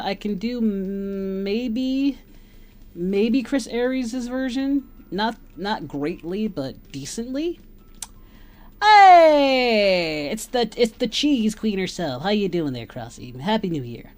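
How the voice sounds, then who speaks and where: Man doing Goku: excitable, giggly, bouncing pitch, streamer chat. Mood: chatty. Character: Goku, cheerful spiky-haired male hero. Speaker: livestream host. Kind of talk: live stream chat in character.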